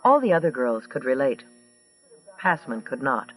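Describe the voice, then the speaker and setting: A man reading a crime novel aloud in a dry, even storytelling manner. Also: medium pitch, moderate pace, recorded from a distance, rough recording. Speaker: audiobook narrator. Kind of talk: scripted narration.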